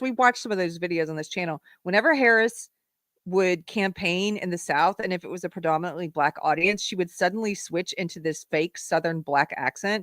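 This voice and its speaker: A woman hosting a live political commentary show, sarcastic and animated, often breaking into laughter. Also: mid-range voice, no echo, clean studio sound. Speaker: host.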